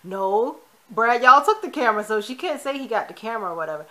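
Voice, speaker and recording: Chatty woman going over last nights episode, kinda high voice, super bright tone, lots of opinions. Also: expressive, fast. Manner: chatty, opinionated retelling of scenes; quotes the characters in passing. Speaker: TV recap vlogger. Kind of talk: casual episode recap.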